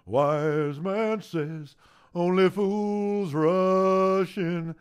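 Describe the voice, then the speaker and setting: A man doing an impression of a famous rock-and-roll singer, mumbling in a low croon. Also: extremely slow, smooth.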